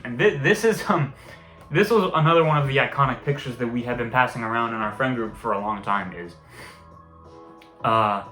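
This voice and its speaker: Swearing a lot, a young man rambles through a casual vlog story in a mid-range, somewhat bright voice. Faint music plays behind him, and the recording carries a roomy echo.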